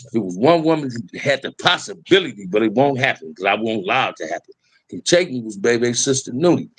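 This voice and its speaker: A man's voice: medium pitch, big pitch swings, fairly quick, husky. A middle-aged man telling casual, profane life stories in a streetwise way, often calling the listener "man". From Los Angeles area. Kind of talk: casual storytelling.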